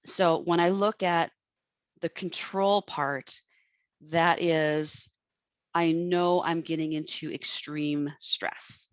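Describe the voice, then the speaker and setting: A woman talking through her own stress and how she calms down, earnest and full of restarts, like a coach working it out aloud. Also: low voice, slow, no room sound. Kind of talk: self-help talk.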